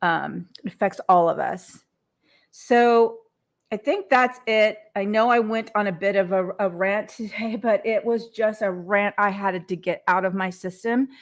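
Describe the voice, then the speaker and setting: Mujer que habla despacio y con convicción. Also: female voice, medium pitch, a little slow. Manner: earnest, repeats words, many fillers and restarts. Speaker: podcast host and coach. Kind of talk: unscripted motivational monologue.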